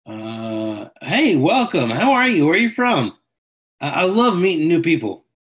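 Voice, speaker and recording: A man's voice: fairly high pitch, sing-song, unhurried, a bit bright. A man hosting a casual livestream chat, greeting viewers and answering their questions in a chatty, welcoming way. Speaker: livestream host.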